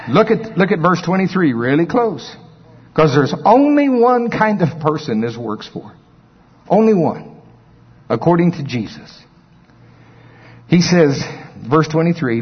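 Husky guy preaching, animated storytelling, goes quiet then loud and high, dull lo-fi sound. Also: normal speed, pauses often. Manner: animated storytelling, swings from low murmur to high excited shouts. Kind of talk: sermon. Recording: dull lo-fi recording with long hall reverb.

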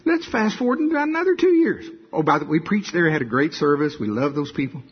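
Husky older preacher, lively storytelling sermon. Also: male voice, a little high, fast, dull audio. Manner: animated, repeats himself, folksy.

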